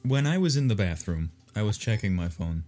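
Lively, teasing man in his twenties. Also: on the low side, a little fast, faint music behind. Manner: teasing, blunt, expressive. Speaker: co-host of a gaming channel. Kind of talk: casual let's-play banter.

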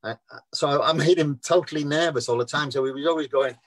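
A man's voice: fairly high pitch, fast talker, slight background noise, poor audio. Chatty older Scouse man telling stories. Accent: Liverpool Scouse. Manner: chatty storyteller, laughs often at his own tales. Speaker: actor guest. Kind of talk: casual anecdotal interview.

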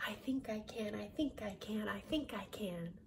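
A woman voicing a kind, determined little female blue engine in a storybook, speaking softly and steadily. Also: medium pitch, moderate pace, vocal fry, distant mic, a little hiss or hum, close to an everyday voice. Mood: gentle. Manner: soft, gentle and steady.

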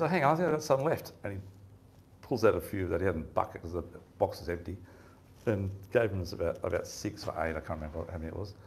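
In a seminar room before an audience, a man with a deep, gravelly voice talks about fishing. His storytelling wanders casually, and he often breaks into laughter.

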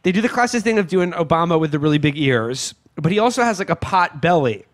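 A man co-hosting a podcast in casual chat, halting and restarting his sentences often. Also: fairly high pitch, lively intonation. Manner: halting, with frequent restarts and stammered repeats. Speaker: podcast co-host.

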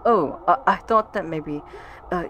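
A woman reading a timid, stammering young male office worker in a game, halting and apologetic. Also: on the low side, fairly bright tone, dull audio, a little hiss or hum. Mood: nervous.

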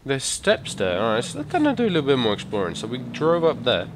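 An energetic young man giving excitable, swear-heavy commentary on a driving game. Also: mid-range voice, fairly quick, hardly any pauses. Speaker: gaming YouTuber. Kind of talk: gameplay commentary. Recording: loud game car noise behind.

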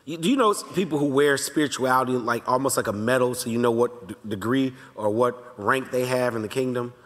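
A pastor teaching a Bible study in a relaxed, conversational way, talking straight to the congregation and slowly repeating his key lines. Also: mid-range voice. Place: church sanctuary. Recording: long reverb of a large church hall.

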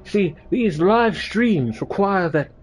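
A young man live-streaming a game in casual, excitable commentary, swearing and muttering at the action. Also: high-pitched, slow, husky.

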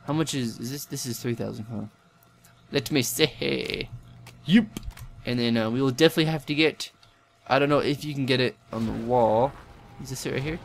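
A young man giving live gameplay commentary, excitable and rambling, swearing and yelping often. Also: medium pitch, moderate pace, vocal fry, a little hiss or hum.

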